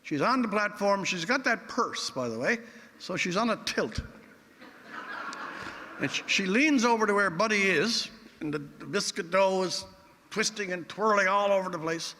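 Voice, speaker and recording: A man's voice: sits high, expressive, normal speed, sharp tone, a little hiss or hum. A man giving a theatrical keynote speech full of wry anecdotes and rhetorical flourishes. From Newfoundland, Canada. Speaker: keynote speaker. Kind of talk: after-dinner speech with anecdotes. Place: large event hall. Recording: long hall reverb.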